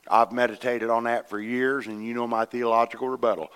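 A man preaching a sermon as pastor, folksy and conversational, swinging from hushed to loud. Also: medium pitch, little pitch movement, fairly quick, few pauses, smooth.

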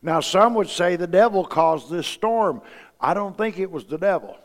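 Folksy preacher in a reverberant church. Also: male voice, sits high, lively intonation, normal speed. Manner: folksy storytelling preaching with rhetorical questions. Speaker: pastor. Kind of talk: sermon.

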